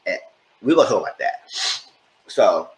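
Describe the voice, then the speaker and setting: A man giving a chatty, animated recap of a TV episode and talking straight to his viewers. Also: on the low side, moderate pace, echoey room, heavy background noise. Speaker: TV show reviewer. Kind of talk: casual recap commentary.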